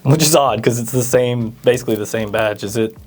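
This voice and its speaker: A man's voice: medium pitch, brisk, a little mellow, soft background music. A man co-hosting a parts store Q&A, reading viewer questions and often stammering through fillers. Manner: hesitant, stammering with many fillers. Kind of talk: casual Q&A chat.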